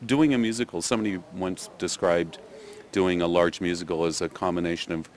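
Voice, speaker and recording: A man's voice: sits low, steady tone, brisk. An older man with a Canadian accent, a theatre director answering interview questions thoughtfully, with many restarts and fillers. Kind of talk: press interview.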